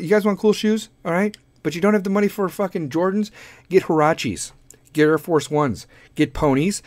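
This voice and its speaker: A man's voice: a little high, a little mellow, no room sound. A man hosting his own podcast, delivering a crude, rambling, sarcastic comedic monologue. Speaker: podcast host.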